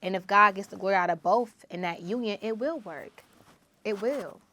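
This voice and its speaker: A woman hosting her own podcast, preaching emphatically and repeating phrases, moving between loud exhortation and low asides. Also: normal speed, slight background noise. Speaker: podcast host. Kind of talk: solo podcast monologue.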